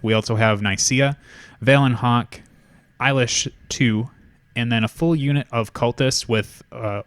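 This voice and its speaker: A man with a fairly low voice chats casually through a tabletop wargame report. He rambles and restarts often, filling gaps with "uh" and "um". The sound is dry and close, with no room around it. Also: a bit bright, clear, resonant tone, no echo. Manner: rambling, many fillers and restarts. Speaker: wargame battle report host. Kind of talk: casual chat.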